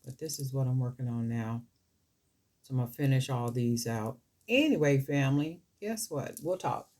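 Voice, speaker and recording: Speaking at a moderate pace in a bass voice with a darkish tone, a woman hosts a jewelry-making video. Her casual crafting chat wanders from story to story, aimed at viewers she treats like family. Handling beads, she lets her voice drop and slip away from the mic.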